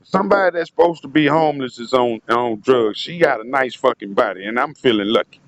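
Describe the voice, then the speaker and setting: A man's voice: medium pitch, animated, a little fast, crowd noise. A man telling a rambling, profane story in a casual vlog monologue, often turning to speak to his audience. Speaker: vlogger.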